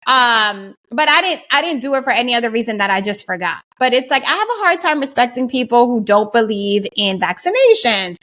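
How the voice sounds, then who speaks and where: Woman co-host, higher-pitched, speaks her mind plainly, relaxed chat. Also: brisk, few pauses. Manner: opinionated, frank. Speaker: podcast co-host. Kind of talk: casual chat.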